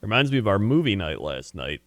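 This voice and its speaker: A man's voice: lowish voice, big pitch swings, fairly quick, a bit bright, dry recording. Male co-host, bouncy intonation, teasing banter, dry close mic. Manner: teasing, laughs often. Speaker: podcast co-host. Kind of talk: casual chat.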